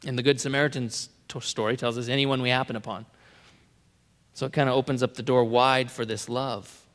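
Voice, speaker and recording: A man preaching a sermon in an earnest way, repeating key phrases and letting his sentences fall to soft endings. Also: mid-range voice, level tone, brisk, long reverb tail.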